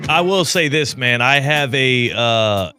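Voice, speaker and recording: A man's voice: mid-range voice, lively intonation, takes it slowly, music in the background. A man hosting a sports radio show, chatting and bantering casually with his co-hosts in a studio.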